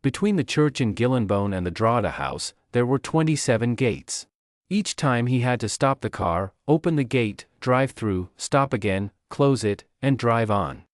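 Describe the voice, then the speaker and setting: Casting: male audiobook narrator for learners, clear and plain, lively pitch, dry close sound. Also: normal speed, no room sound.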